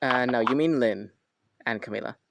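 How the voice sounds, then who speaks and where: A man's voice: mid-range voice, moderate pace, creaky, background noise. A man hosting a casual chat, joking and correcting himself in an offhand way. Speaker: host.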